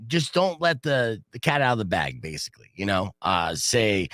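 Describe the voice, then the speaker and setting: A man hosting a radio show in a studio, animated and joking, swearing casually. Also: lowish voice, normal speed, dry recording. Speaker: radio host. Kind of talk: morning radio banter. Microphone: studio microphone.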